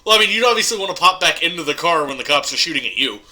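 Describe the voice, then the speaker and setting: A man's voice: on the high side, very animated, rapid-fire, pushed and bright, poor audio. A male host chatting casually on a podcast, talking loosely with lots of fillers and laughing often. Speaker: show host.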